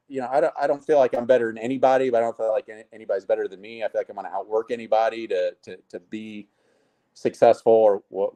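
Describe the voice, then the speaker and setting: A man with a mellow, warm voice recounts his career in a casual interview. He tells it as a story and acts out what others said to him. He speaks at an ordinary pitch. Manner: animated storyteller, acts out quotes. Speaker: guest, network marketing leader.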